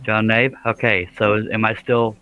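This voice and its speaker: A man's voice: lowish voice, flat delivery, moderate pace, narrow, tinny audio, slight background noise. A middle-aged man hosting a live stream, chatting casually, joking about himself and greeting viewers by name.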